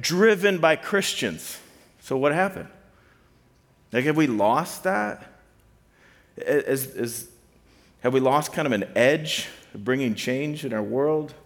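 A man's voice: fairly high pitch, in a large hall. A man giving a conversational sermon to a student ministry, casual and full of fillers, repeating key points for emphasis.

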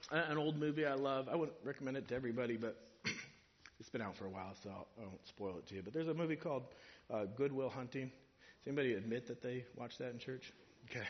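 Medium in pitch and fast, this man's voice comes through dull audio as he preaches in a church. He acts out imagined speakers and moves from a conversational tone to emphatic points.

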